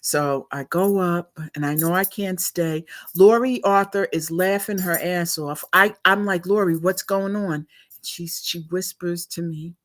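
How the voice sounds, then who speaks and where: Slow-talking woman telling a story. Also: lowish voice. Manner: chatty, laughing, animated storytelling. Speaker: live stream host. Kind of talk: casual storytelling.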